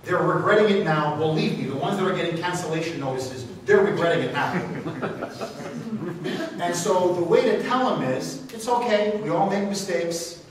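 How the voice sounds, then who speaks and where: A man who hosts a radio talk show speaks to a meeting. He tells stories with passion and rises to loud exclamations. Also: fairly high pitch, lively intonation, normal speed. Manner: impassioned storyteller, rising to loud exclamations. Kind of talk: speaking to a meeting, answering questions. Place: meeting room. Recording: echoey hall, speaker far from mic, faint noise.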